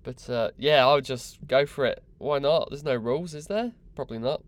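A man's voice: mid-range voice, moderate pace, dry recording. A young man hosting a podcast, mocking and exasperated in a sweary comic rant. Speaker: podcast host.

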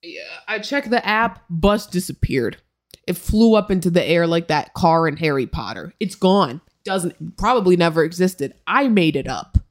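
A young woman co-hosting a podcast, telling a story in a casual, animated and profane way. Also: on the low side, normal speed. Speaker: podcast co-host.

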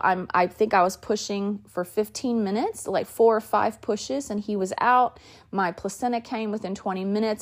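A woman in her thirties hosting a podcast, telling stories in a casual way and acting out the quoted lines. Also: mid-range voice. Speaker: podcast host. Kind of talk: casual storytelling.

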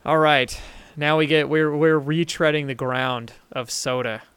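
A man's voice: a little high, fairly even intonation, unhurried, a bit bright, clean tone, no echo. A young man co-hosting a casual podcast chat, rambling and self-interrupting, laughing easily. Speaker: podcast co-host.

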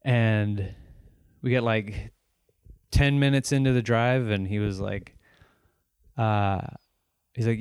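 A stand-up comedian spins a wild tale in relaxed conversation, his voice low and smooth. The sound is close and dry, like a studio podcast. He gets loud and animated, swears freely and plays out the lines people said. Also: takes it slowly, pauses often, no room sound. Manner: animated, profane, restarts and acts out quotes. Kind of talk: casual storytelling chat.

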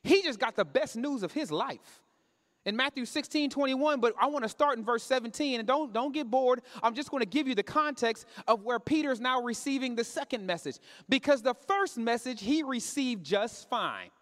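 High-voiced pastor in a reverberant church. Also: male voice, lively intonation, moderate pace, a bit bright. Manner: conversational preaching with call-and-response questions. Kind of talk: sermon. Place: church sanctuary.

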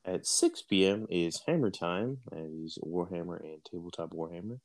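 A man's voice: sits low, moderate pace, few pauses, a little mellow. A man, co-hosting a radio show and reading a sponsor ad in a laid-back way. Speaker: radio co-host. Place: radio studio.

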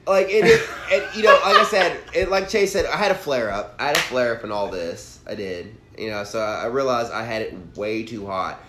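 A young man telling a profane, animated story in casual chat as a podcast co-host. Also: medium pitch, fairly quick, few pauses. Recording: roomy room with faint background noise.

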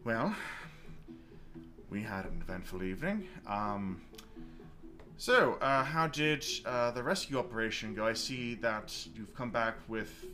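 Man doing a brisk young woman leader for a tabletop game. Bright, lively, businesslike. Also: fairly low pitch, soft background music.

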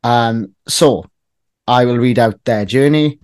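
A man hosts a casual football quiz, teasing his friends as he reads out lists of clubs. His voice sits at an ordinary pitch. The sound is close and dry. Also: takes it slowly, a little mellow, smooth, no echo. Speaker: quiz host.

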